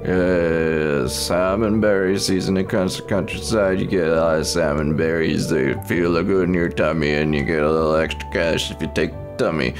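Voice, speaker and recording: A man's voice: sits low, steady tone, normal speed, hardly any pauses, lightly acted. A man voicing a folksy male country TV host giving homespun tips over game music. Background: video game music.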